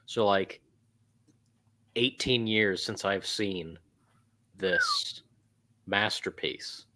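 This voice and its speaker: An enthusiastic man in a casual book club talk. His pitch swings widely as he gets excited about the things he loves. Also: extremely slow, noisy background. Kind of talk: casual chat.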